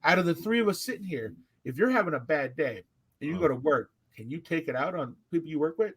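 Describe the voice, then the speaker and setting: A man's voice: fast talker, husky, no room sound. A man hosting a casual podcast, telling stories with lots of swearing and acting out what people said. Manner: animated, acts out quotes with big pitch swings, swears a lot. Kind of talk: casual storytelling chat.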